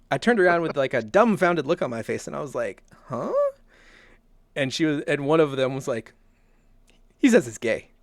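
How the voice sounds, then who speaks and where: A man's voice: a little high, creaky, no room sound. Guy rambling thru a story on his podcast, laughs a lot, close dry mic. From American South. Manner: rambling storyteller, chuckles often. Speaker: podcast host. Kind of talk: casual podcast chat.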